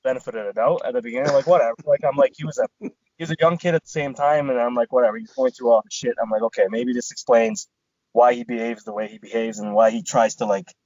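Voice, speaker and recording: A man's voice: medium pitch, fast talker, no room sound, muffled recording. A man co-hosting a podcast, casually telling a story with lots of swearing and quoted back-and-forth. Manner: swears a lot, animated retelling with quoted dialogue. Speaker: podcast co-host.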